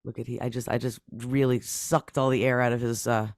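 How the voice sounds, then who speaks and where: A woman's voice: a bass voice, little pitch movement, fairly quick, a little mellow, no echo, clean studio sound. A woman co-hosting a parenting podcast, chatting casually in a blunt, sarcastic way and swearing freely. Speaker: podcast co-host. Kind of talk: casual chat.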